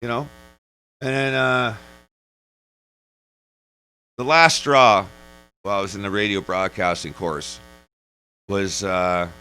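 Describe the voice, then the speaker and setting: A man's voice: lowish voice, bright, forceful tone, a little hiss or hum, poor audio. A man, ranting casually in a vlog in a rambling, profane way that is full of restarts and digressions. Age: 40s. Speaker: vlogger. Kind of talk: casual rant.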